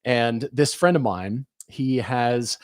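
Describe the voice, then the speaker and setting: A man's voice: mid-range voice, takes it slowly, no echo, clean studio sound. A man co-hosting a live-streamed car podcast, telling rambling stories and reading out audience questions. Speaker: podcast co-host. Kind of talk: casual live-stream chat.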